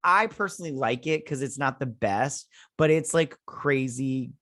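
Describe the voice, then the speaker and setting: The speaker, a man hosting a casual episode review, chats about the plot with plenty of fillers and restarts. He speaks at a moderate pace, his medium-pitched voice fairly bright, in a clean studio recording with no room sound.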